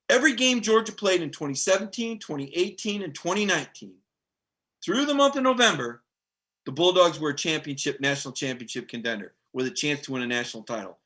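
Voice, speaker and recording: A middle-aged sports beat writer hosting a casual live stream, animated and rambling, reading viewer comments aloud. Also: male voice, on the high side, fairly quick.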